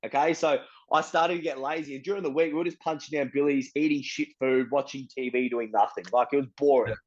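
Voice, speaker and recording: A man's voice: medium pitch, steady tone, quick pace, lo-fi sound. An Australian man telling his story bluntly and candidly, swearing often and filling in with "bro" and "you know what I mean". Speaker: interviewee.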